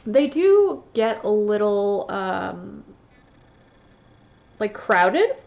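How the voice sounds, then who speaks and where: A woman's voice: medium pitch, very animated, extremely slow, creaky, a little mellow, highs cut off. A woman vlogging about her cross-stitch finishes in a casual, rambling show-and-tell chat, with a slight lisp and lots of fillers and restarts. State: sniffly after sneezing.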